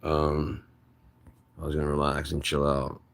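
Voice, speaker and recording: A US man with a bass voice talks a little slowly and with a completely flat delivery in a casual monologue to camera on his own channel. His takes are opinionated and rambling, with lots of restarts.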